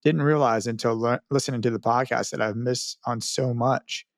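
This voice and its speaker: Male podcast host, middle pitch, dry close mic, wry and self-mocking. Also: fairly even intonation, moderate pace, dry recording. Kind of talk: casual podcast chat, reading listener mail.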